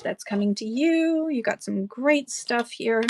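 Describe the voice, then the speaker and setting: A woman's voice: a little high, unhurried, few pauses, noisy background. A woman running a live-stream book sale, chatting casually with rambling asides and thanking buyers by name. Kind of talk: casual live-auction selling chat.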